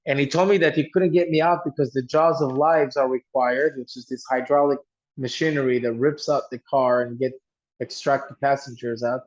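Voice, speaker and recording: A man's voice: medium pitch, fairly even intonation, normal speed, highs cut off. A man telling a personal story earnestly, often restarting and repeating words. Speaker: guest telling his story.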